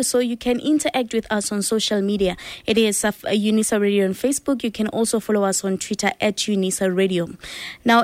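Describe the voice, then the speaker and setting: A woman's voice: medium pitch, no room sound. A woman hosts a live radio show, speaking in a friendly, chatty way. She has a mid-range voice. It is recorded dry and close on a studio microphone. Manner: friendly, chatty on-air address to listeners.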